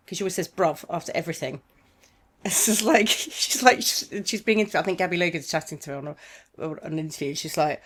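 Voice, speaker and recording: A woman with a fairly low voice chats casually as a podcast co-host. She tells stories in a lively, laughing way. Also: fast, husky. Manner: chatty, laughing storyteller. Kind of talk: casual chat.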